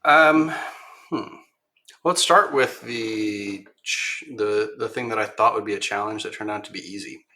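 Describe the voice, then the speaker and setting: Casual storytelling from a man with a low, bright, forceful voice. He rambles through his story with plenty of ums and restarts. He livens up whenever he quotes someone else. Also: unhurried. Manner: rambling, many ums and restarts, animated when quoting others. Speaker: podcast guest, machine shop owner.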